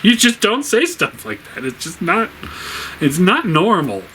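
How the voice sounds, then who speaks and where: A man's voice: high-pitched, wildly swooping pitch, measured pace, noisy background. A man giving a casual spoken review, rambling with many fillers, laughing often, sounding exasperated.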